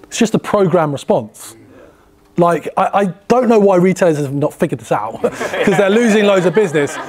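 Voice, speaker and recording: A sales trainer leads a casual workshop, explaining things in a chatty way full of fillers and false starts. His voice is high, animated and a little mellow, at normal speed.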